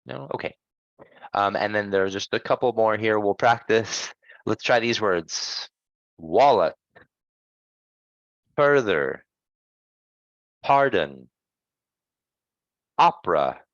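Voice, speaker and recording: A man teaching English pronunciation in an online class, drilling words slowly and patiently. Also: lowish voice, steady tone, fairly bright tone, no echo, dull audio.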